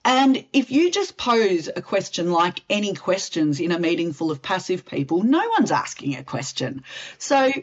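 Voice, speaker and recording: A woman, a communications specialist answering interview questions in a direct, expressive way and acting out example lines. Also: fairly low pitch, moderate pace, muffled recording. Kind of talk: interview answers, expert advice.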